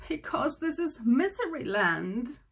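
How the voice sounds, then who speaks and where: A woman's voice: medium pitch, very animated, slow pace, a bit bright, breathy edge, exaggerated voice. A woman voicing a weepy, grumpy male king who sobs and wails his complaints. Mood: wailing. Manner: sobbing, wailing complaints.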